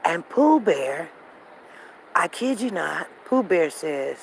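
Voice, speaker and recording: Gravelly-voiced woman telling a story. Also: fairly low pitch, slow, slight background noise, rough recording. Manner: repetitive, conversational, animated retelling. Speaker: show host. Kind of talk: casual storytelling chat. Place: walking outdoors near traffic.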